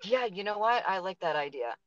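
A woman with a Boston accent hosts a relaxed interview, talking on and on with plenty of fillers. The sound is dry and a little dull, with no room echo. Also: mid-range voice, brisk. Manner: chatty, lots of fillers and likes. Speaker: podcast host. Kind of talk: casual interview chat.

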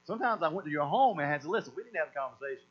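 A man preaching a sermon as pastor, animated and repeating words as he acts out voices. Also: on the high side, rapid-fire, husky. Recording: dull lo-fi recording with mains hum.

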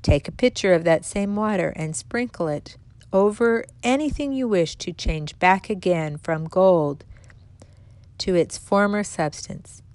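Calm mysterious stranger, read by a woman, low and measured, dry close mic. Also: dry recording, natural voice. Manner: measured, questioning delivery.

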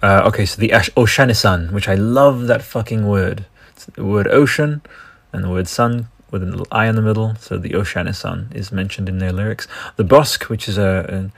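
An Australian man hosts his own podcast, rambling from one tangent to the next with excitable swearing. His voice sits a little low. It sounds dry and close, with no room around it. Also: creaky, no echo. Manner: rambling, enthusiastic, swears often. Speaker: podcast host. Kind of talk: casual solo podcast riffing.

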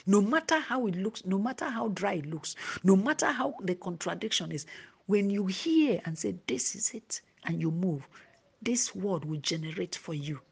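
A woman preaching a sermon, dropping to a hushed whisper at times and rising to emphasis. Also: medium pitch, expressive, moderate pace, gravelly, slightly rough.

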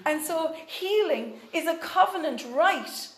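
A woman's voice: very high voice, expressive, unhurried, roomy sound. A woman preaching a sermon in an earnest way, with frequent fillers and restarts.

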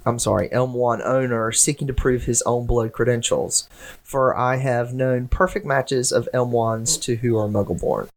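A woman's voice: rumbling low, fairly even intonation, moderate pace. A woman chatting casually and reading passages aloud, stumbling over words and stopping to question them.

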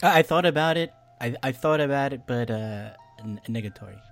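A man's voice: mid-range voice, animated, a little fast, a bit bright. A man with an everyday mid-range voice rambles through a podcast chat. He leans on fillers and restarts and often breaks into laughter, with faint music in the background. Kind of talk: casual chat.

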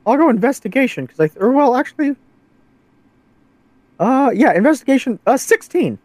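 A woman's voice: high voice, big pitch swings, normal speed, darkish tone, dry recording. A woman playing a tabletop game, thinking aloud in a chatty, casual way. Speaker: player.

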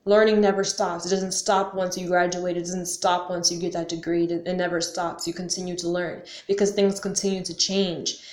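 A woman's voice: on the low side, level tone, normal speed, hardly any pauses. A young woman talking casually to camera as a vlogger, slangy and full of questions, often saying "like" and cursing now and then. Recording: roomy echo.

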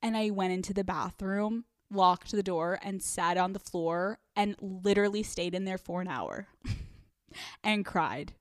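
A woman's voice: medium pitch, a little slow, dry recording, clean studio sound. A young woman hosting a podcast in a casual confessional monologue, speaking candidly, swearing freely and laughing often mid-sentence. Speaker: podcast host.

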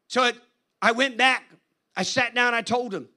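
A man preaching a sermon in an animated, conversational storytelling manner. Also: extremely high pitch, normal speed. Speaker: guest preacher.

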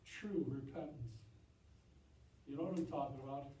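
A man preaching a sermon in a church, impassioned, swinging from loud emphatic peaks to low confiding asides. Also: normal speed, reverberant, distant mic, a little hiss or hum, low-quality recording. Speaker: pastor. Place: church sanctuary.

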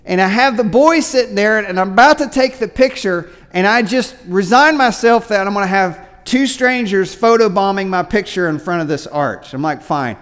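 High-voiced male pastor preaching in reverb. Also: lively intonation, normal speed, few pauses, a bit bright. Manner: conversational preaching, often repeats words. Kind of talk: sermon. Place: church sanctuary.

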